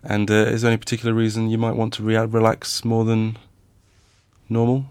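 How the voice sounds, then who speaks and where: Podcast host, man, low dry voice, hesitant, deadpan teasing. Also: a little fast, clear, resonant tone, no room sound. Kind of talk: casual chat.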